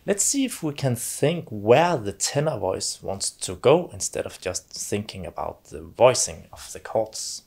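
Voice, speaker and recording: A man teaching piano and calmly explaining how voices in chords move, with frequent small fillers. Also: lowish voice, unhurried, vocal fry, few pauses. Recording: talk over loud piano music.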